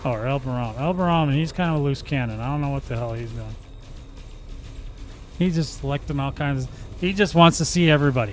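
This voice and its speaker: A fast-talking, animated man with a medium-pitched voice hosts a gaming channel, faint music behind him. He jokes around in live commentary as he plays, producing gun sounds with his mouth.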